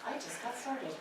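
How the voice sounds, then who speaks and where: A middle-aged woman, a nurse, lecturing nurses in an impassioned, personal way. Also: high-pitched. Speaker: nurse educator. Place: large lecture hall. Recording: very echoey hall, from far off.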